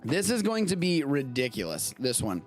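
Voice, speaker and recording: A man's voice: medium pitch, huge pitch swings, normal speed, soft background music. A man hosting a live show in casual chat, loose and rambling as he talks, swearing offhandedly now and then. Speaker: show host. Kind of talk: casual chat, tasting food. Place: home studio during a live stream.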